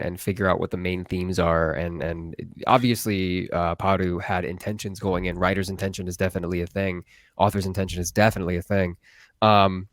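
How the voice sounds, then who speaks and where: A man with a fairly low voice answers questions as a voice actor guest on a casual live stream. He speaks earnestly, stopping and restarting his sentences often. The sound is dry and close. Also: a bit bright, no echo. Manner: earnest, halting, many restarts.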